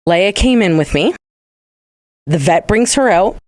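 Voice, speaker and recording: A woman's voice: mid-range voice, animated, measured pace, no echo, clean studio sound. A young adult woman, co-hosting a casual podcast chat, rambling through stories and swearing freely. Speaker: podcast co-host.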